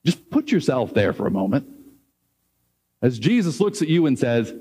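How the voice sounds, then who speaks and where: A middle-aged man preaching a sermon, animated, acting out dialogue and rising high when excited. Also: moderate pace, breathy edge.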